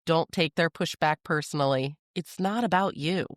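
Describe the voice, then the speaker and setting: Parenting podcast host reading a script, calm and steady, dry close sound, mid-pitched. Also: no room sound. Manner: calm, measured, steady delivery.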